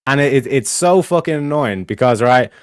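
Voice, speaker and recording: Smooth dry-voiced male streamer, rambling. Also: medium pitch, expressive, normal speed, no echo. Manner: rambling, profane, repeats "do you know what I mean". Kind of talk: casual explanatory stream talk.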